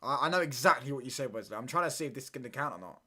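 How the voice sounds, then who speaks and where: A man hosting a live football watchalong, talking in excitable, slangy banter and reacting to the play as it happens. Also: mid-range voice, racing. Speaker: watchalong streamer.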